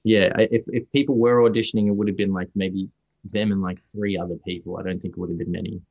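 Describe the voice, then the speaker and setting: A man's voice: low-pitched, fast talker, slightly rough, no room sound, lo-fi sound. A young Australian man, an actor guest, telling stories in a casual interview with rambling restarts. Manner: rambling, restarts often, lively storytelling.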